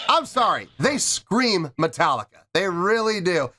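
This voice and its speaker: Lively man reacting to music. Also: a little high, moderate pace, a little hiss or hum. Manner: animated, mock-indignant joking. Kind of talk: casual reaction commentary. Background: song playing faintly.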